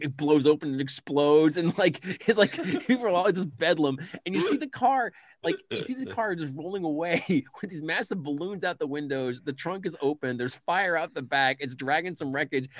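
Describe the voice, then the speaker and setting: A middle-aged man in a casual film chat, animated and laughing often as he retells scenes. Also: on the high side, normal speed, no room sound.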